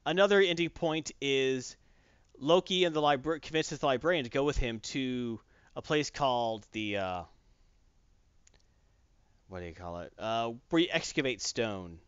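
A man co-hosting a podcast in casual chat, rambling and animated as he acts out quotes. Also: mid-range voice, moderate pace, smooth, dry recording, dull audio.

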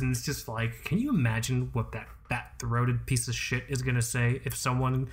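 A man co-hosting a casual chat, telling crude, animated stories and doing mocking impressions. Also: medium pitch, normal speed. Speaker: podcast co-host.

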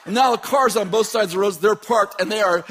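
A man's voice: sits high, a little fast, fairly bright tone, a little hiss or hum. A man who runs a business telling a long funny story in a casual way, laughing often as he talks.

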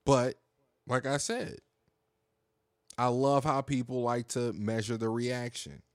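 A man's voice: mid-range voice, steady tone, slow pace, no echo, clean studio sound. A young man hosting a podcast solo, talking in a heated, profane, rambling way. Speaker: podcast host. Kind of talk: casual monologue podcast.

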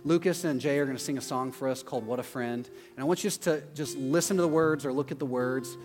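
A man in his thirties, a pastor giving a conversational sermon, acting out quotes with sudden loud yelps. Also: medium pitch, fast talker. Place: church auditorium. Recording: long hall reverb, faint music.

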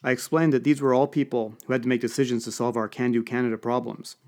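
A man's voice: mid-range voice, little pitch movement, fast talker, hardly any pauses, a little mellow. Wry male audiobook narrator. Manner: dry, wry first-person telling.

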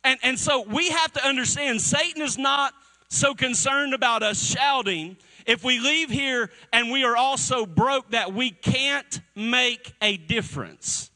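A male pastor preaching a sermon to a congregation in a church, energetic and calling for responses from the crowd. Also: very high-pitched, a little slow, low-quality recording.

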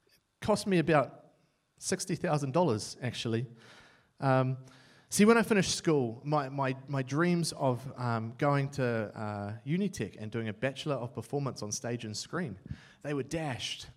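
A young man with a New Zealand accent preaching a sermon, telling his own story with self-mocking humour and swinging between loud and hushed as he voices his thoughts. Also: medium pitch, animated, measured pace.

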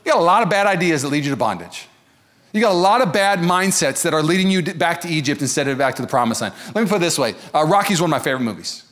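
A man preaching a sermon as pastor, animated and joking, acting out quoted voices. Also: fairly high pitch, very fast. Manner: animated, jokey, acts out voices of others.

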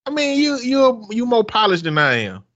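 Man, Alabama accent, casual chat, profane, laughs a lot, bright tone. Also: extremely high pitch, normal speed, lo-fi sound. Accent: Southern US, Alabama. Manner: animated, profane, laughing often.

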